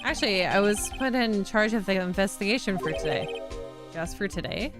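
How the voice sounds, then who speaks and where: A woman's voice: mid-range voice, expressive, moderate pace, lightly acted. A woman reading out the lines of an eager, broke male police detective in a game, over game music. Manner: reads game dialogue aloud plainly.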